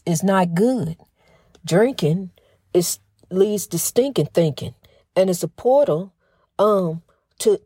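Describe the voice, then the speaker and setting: A middle-aged woman hosting a faith-based talk program in a casual spiritual monologue. She talks fast with a slight stutter, restarts often, and keeps calling her listeners "honey". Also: mid-range voice, mellow, no echo, clean studio sound. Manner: folksy and emphatic, says "honey" often.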